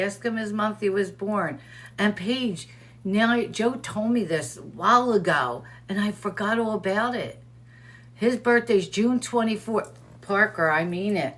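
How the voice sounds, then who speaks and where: A chatty middle-aged woman hosts a casual livestream with a slightly low-pitched voice. She tells stories by acting out what people said and breaks off to greet viewers in the chat by name. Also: fairly bright tone. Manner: storytelling with quoted dialogue. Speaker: host of a livestream show. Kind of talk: casual live-stream chat.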